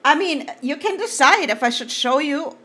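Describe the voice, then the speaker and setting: A woman streaming live, chatting casually and gushing excitedly, swearing freely and trailing off into fillers. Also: high-pitched, moderate pace.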